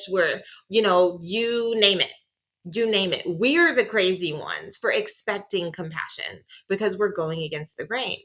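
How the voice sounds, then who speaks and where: A woman's voice: lowish voice, bright, forceful tone. A woman giving a casual lecture, emphatic and repeating phrases for stress.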